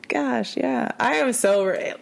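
A woman's voice: a little high, slow pace, creaky. A woman co-hosting a podcast in casual chat, laughing easily and answering with frequent short agreements. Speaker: podcast co-host.

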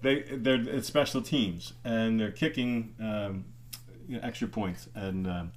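Speaking at a measured pace, a former athletic trainer, now older, shares stories with a group in loose conversation, full of restarts and laughter. His voice sits on the low side, and there's a bit of noise behind him.

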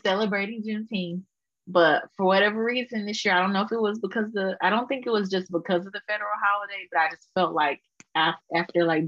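A woman's voice: fairly low pitch, dry recording, dull audio. A woman with a Houston Texas accent, a guest artist chatting casually in an interview, full of fillers and laughter.

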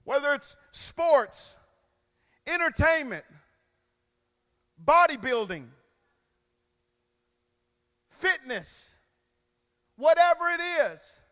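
A man with a very high voice preaches in a slow, drawn-out cadence. He punches his points with sudden loud bursts, then drops to quiet asides and has the congregation repeat after him. His sermon rings with the long reverb of a large hall. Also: lively intonation. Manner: emphatic call-and-response preaching with sudden loud and quiet swings.

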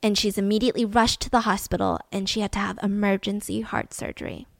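A woman podcast host telling a true-crime story in a casual, animated way, often indignant and full of "like". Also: medium pitch, quick pace, creaky, no echo. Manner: animated and indignant, heavy use of "like".

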